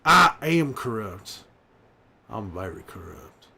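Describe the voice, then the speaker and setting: A man playing a gruff middle-aged male survivor, bantering and swearing in an in-character livestream. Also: on the low side, big pitch swings, slow pace, heavy background noise, heavily acted. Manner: gruff, swearing, teasing chat. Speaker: streamer in character.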